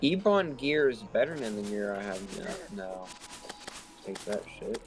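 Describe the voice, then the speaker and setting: Low pitched guy swearing nonstop while gaming, game music loud behind him. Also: big pitch swings, unhurried. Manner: crude, swears constantly. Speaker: gamer. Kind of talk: casual gaming chat.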